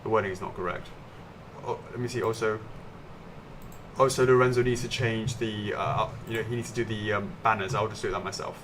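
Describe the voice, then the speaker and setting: A man's voice: on the low side, steady tone, a little fast, a bit bright, a little hiss or hum. A man co-hosting a live stream, casually chatting and answering viewer comments aloud. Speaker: livestream co-host.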